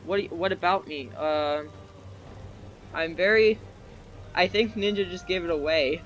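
A man giving excitable live commentary while playing an online game, with a desk microphone. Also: sits high, highs cut off. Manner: excitable, quick reactions and exclamations. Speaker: gamer. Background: faint game music.

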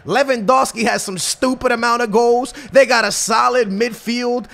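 A young man with a high, light voice runs slangy commentary over his own football game. He jumps between loud hype and low, muttered grumbling, with faint game music playing underneath. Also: fairly even intonation, moderate pace, gravelly. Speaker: gaming YouTuber. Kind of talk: gameplay commentary.

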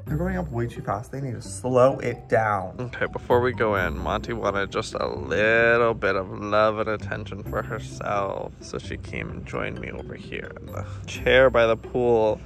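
Playful man cooing at puppies, lively pitch. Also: creaky. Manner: playful, coos baby talk at the dogs. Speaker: vlogger host. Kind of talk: casual vlog chat with pets. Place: home, by a pool. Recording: noisy background with dog sounds. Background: dogs and puppies.

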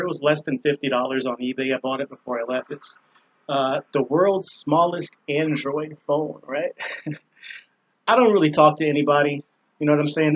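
A man's voice: on the high side, muffled recording, slight background noise. A man vlogging from a small balcony, rambling and swearing through a laid-back casual story with lots of fillers. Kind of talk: casual profane monologue. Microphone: camera on a small balcony.

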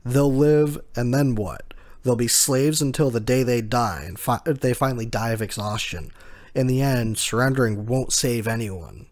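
A man's voice: mid-range voice, normal speed, darkish tone, close to an everyday voice. A man doing a defiant young warrior. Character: defiant young male warrior, stubborn and fierce.

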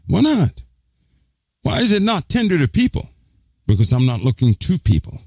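A man's voice: fairly low pitch, dark tone, breathy edge, dry recording. A man preaching, firing off emphatic rhetorical questions at his listeners. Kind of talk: preaching to a congregation.

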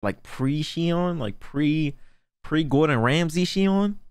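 Excitable young man reacting to anime. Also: a little high, slow pace, clear, resonant tone, dry recording. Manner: excitable, laughs a lot, slangy, shouts in delight. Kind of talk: casual reaction commentary.

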